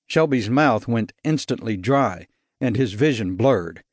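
A man reading a thriller audiobook in a measured, even narration. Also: medium pitch, dry recording, clean studio sound. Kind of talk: scripted narration. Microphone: studio mic.

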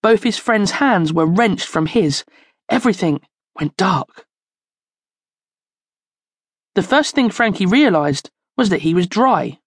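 A woman narrating a children's storybook in a slow, expressive storytelling manner, close to the mic. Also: mid-range voice, slightly rough, dry recording. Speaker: audiobook narrator.

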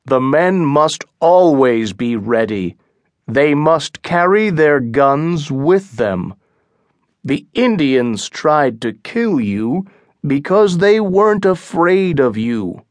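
Give me a man reading a blunt, stern colony leader in an audiobook, very slow and dry. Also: on the high side, big pitch swings, no echo. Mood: firm. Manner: firm and blunt. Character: stern, commanding male English colony leader.

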